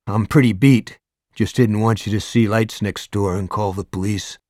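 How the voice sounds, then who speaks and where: A man's voice: on the low side, fairly even intonation, moderate pace, a little mellow, dry recording, studio quality, lightly acted. A man voicing a tired, guarded young man who gives curt, laconic replies. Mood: weary. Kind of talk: audiobook character voice.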